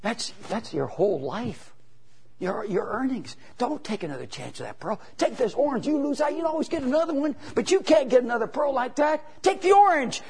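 A man doing a gentle pleading old lady. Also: extremely high pitch, fast talker, hardly any pauses, voice pushed up. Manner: soft, earnest pleading.

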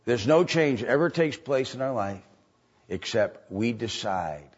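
Husky guy pastor preaching, lots of pitch swings, keeps asking don't you think so. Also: lively intonation, measured pace. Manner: repetitive, rhetorical questioning. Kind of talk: sermon. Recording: dull lo-fi recording.

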